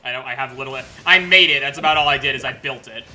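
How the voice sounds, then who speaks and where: A man's voice: mid-range voice, fast, bright, forceful tone, a little hiss or hum, rough recording. A young man streaming a video game at home, chatting casually and joking, laughing often and mimicking the characters. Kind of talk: casual livestream commentary.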